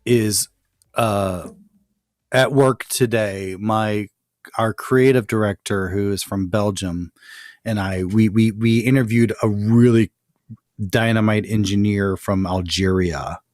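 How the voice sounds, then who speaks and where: A man's voice: fairly low pitch, steady tone, slow, a little mellow, dry recording, clean studio sound. A man co-hosting a podcast, chatting casually in a rambling, self-amused way with frequent restarts. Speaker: podcast co-host. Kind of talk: casual chat.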